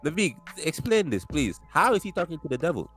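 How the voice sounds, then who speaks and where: A man's voice: fairly high pitch, big pitch swings, fast, a bit bright, slightly rough, faint music behind. A man co-hosting a casual podcast chat, joking and laughing often. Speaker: podcast co-host.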